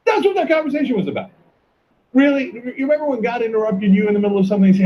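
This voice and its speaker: A man hosting a video commentary, talking in a sarcastic, mocking way and sometimes breaking into shouts. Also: very high-pitched, very fast. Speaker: commentary host. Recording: dull lo-fi sound with faint noise.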